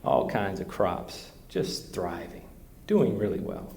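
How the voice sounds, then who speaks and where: A man's voice: low-pitched, lively intonation, takes it slowly, darkish tone, slight background noise. A man hosting a live interview on a studio stage, telling a folksy joke before asking his guest questions. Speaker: interviewer and podcast host.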